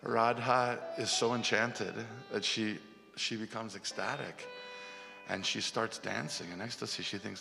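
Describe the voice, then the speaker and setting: A man retelling a devotional story in a casual, animated way to a festival gathering. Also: fairly low pitch, measured pace, creaky. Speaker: spiritual storyteller. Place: festival hall. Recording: long hall reverb, faint music.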